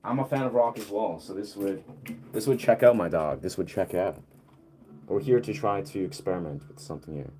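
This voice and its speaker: Deep-voiced man chatting while making music. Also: a little fast. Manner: relaxed, talks to himself while troubleshooting. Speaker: music producer streaming. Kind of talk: casual live-stream chat.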